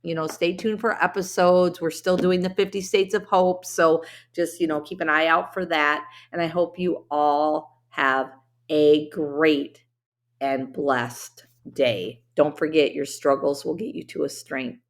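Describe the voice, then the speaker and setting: A woman with a slightly low voice talks to her podcast listeners on her own. She speaks in an earnest, heartfelt way, loose and chatty, with plenty of fillers and restarts. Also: fairly even intonation, a little slow. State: briefly emotional. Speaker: podcast host. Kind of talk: solo motivational podcast talk.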